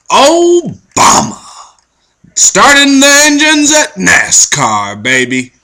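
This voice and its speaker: Bright-voiced man ranting in slang. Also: mid-range voice. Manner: profane, animated, confrontational street slang. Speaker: commentary vlog host. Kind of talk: ranting news commentary.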